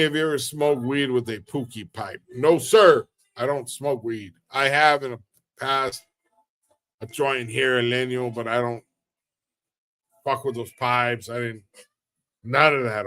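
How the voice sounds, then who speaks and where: A relaxed man runs a casual livestream, answering chat in a laid-back drawl packed with street slang. His voice sits at an ordinary middle pitch and stays easygoing throughout. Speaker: livestream host reading chat.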